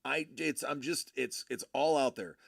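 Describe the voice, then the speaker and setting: A man hosting a casual livestream, joking and teasing his viewers with quick asides. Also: mid-range voice, gravelly, fairly bright tone, no room sound, studio quality. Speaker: livestream host, collector.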